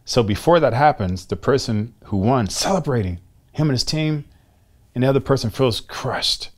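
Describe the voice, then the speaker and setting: A man's voice: medium pitch, animated, normal speed. A middle-aged man, a former bodybuilder, speaking as an interview guest and telling candid stories with emphatic, acted-out dialogue and blunt swearing.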